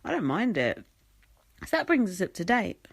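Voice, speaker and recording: A woman's voice: mid-range voice, very animated, normal speed, creaky, no echo. A young English woman hosting a casual solo podcast, blunt and sarcastic, swearing and mocking others in quoted voices. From England. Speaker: podcast host.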